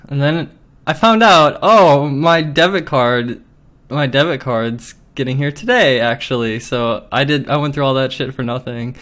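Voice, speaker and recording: A man's voice: mid-range voice, unhurried, a bit bright. A man telling a story casually, agitated and swearing often, with lots of filler words. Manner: profane, agitated, filler-heavy.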